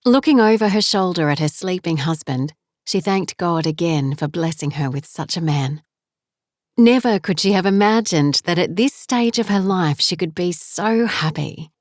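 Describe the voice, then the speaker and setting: Woman narrating an audiobook in measured tones. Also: on the low side, lively intonation, a little mellow, no room sound, studio quality. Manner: measured, unhurried reading. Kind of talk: scripted narration.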